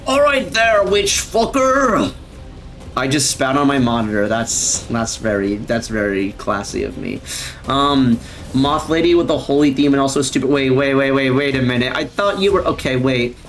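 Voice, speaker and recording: A man's voice: mid-range voice, normal speed, soft background music. A young man casually chatting on a live stream, rambling and swearing often, with lots of fillers.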